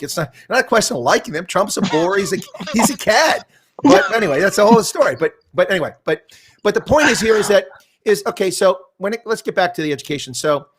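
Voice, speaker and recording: A man's voice: high-pitched, a bit bright. An older man, a guest in a conversational interview, telling stories at length and often restarting his sentences. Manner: rambling storyteller, frequent restarts.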